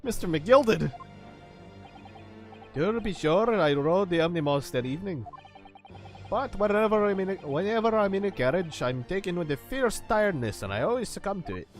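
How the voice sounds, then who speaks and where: A man's voice: high voice, big pitch swings, faint music behind, pitched above the performer's own voice. Man putting on a bumbling suspect, put-on Scottish lilt, raised voice, stumbling words. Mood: protesting. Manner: halting, overly polite, stumbling. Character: sleepy middle-aged male suspect.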